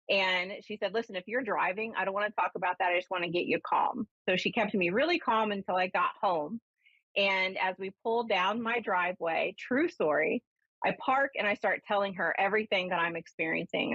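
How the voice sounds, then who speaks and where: A woman's voice: medium pitch, dry recording. Ohio woman doing psychic readings on call-in radio, chatty, lots of ums, dry slightly muffled sound. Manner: chatty, animated storyteller with frequent fillers. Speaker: psychic medium and spiritualist minister.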